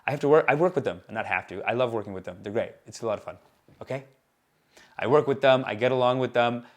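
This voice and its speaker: A young adult man who grew up in India, hosting a comedy podcast in a rambling, slangy monologue full of repeated asides. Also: mid-range voice.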